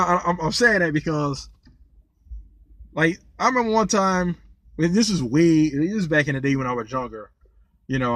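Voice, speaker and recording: A man with a slightly raised voice rambles through a casual vlog monologue and keeps restarting and repeating his words. He sounds lively and incredulous when he tells his stories. The recording is close and completely dry. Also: a little high, no room sound. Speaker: vlogger, former rideshare driver.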